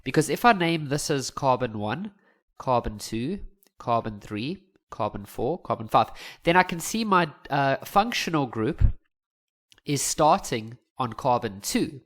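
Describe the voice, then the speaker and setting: A young man with a South African accent talks through a chemistry lesson in a casual, joking manner. His voice sits at an ordinary middle pitch. He laughs at his own asides and chats freely between steps. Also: expressive, measured pace, fairly bright tone. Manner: chatty, jokey, laughs at his own jokes. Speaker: teacher.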